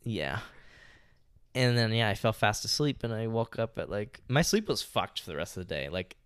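A man's voice: on the low side, very animated, moderate pace, a bit bright, smooth, dry recording, studio quality. A young man on a podcast telling a story in casual, rambling chat, swearing often and filling gaps with "like" and "you know". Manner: rambling, profane, heavy use of "like" and "you know". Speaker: podcast co-host.

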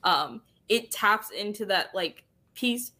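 A woman co-hosting a casual podcast, talking with an enthusiastic fan's excitement. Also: mid-range voice, slow pace. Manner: enthusiastic fan talk. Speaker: podcast co-host.

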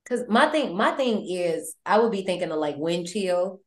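A woman hosting a podcast, recapping a horror movie in casual, animated, profane slang. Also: on the low side, normal speed. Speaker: podcast host.

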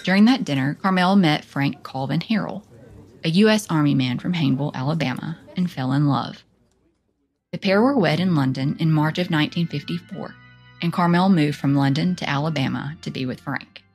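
A woman with a notably deep voice co-hosts a true-crime podcast. She narrates and chats in a relaxed way, thinking aloud as she goes. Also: moderate pace, breathy edge, faint music behind. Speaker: podcast co-host.

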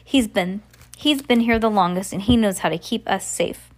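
A woman voicing a hoarse, hostile islander woman who is sick from poison, in a read-aloud novel. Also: medium pitch, moderate pace, lightly acted.

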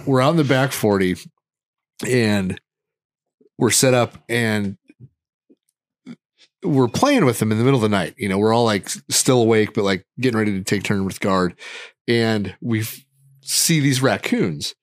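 A man's voice: fairly low pitch, normal speed, pauses often, no room sound, studio quality. A man co-hosting a casual podcast, telling a rambling, profane story and laughing at it. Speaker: podcast co-host.

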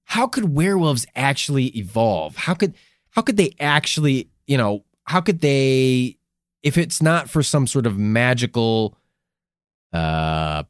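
A man's voice: mid-range voice, dry recording, studio quality. A man co-hosting a podcast in casual, crude, joking chat, explaining research along the way. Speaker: podcast co-host.

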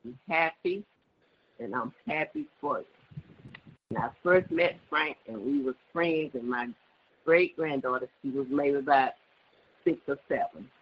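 An older woman, a church member, gives a personal religious testimony in an emphatic, repetitive, preachy manner. Her bass voice runs a little slow, and the lo-fi recording sounds dull with faint background noise.

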